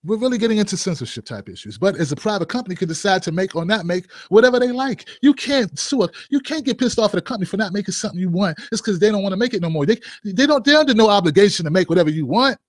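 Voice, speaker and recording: High-voiced man joking through commentary. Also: expressive, racing, few pauses, no echo, studio quality. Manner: joking, rhetorical questions, asides to viewers. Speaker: host of a commentary show. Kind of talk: opinion commentary vlog.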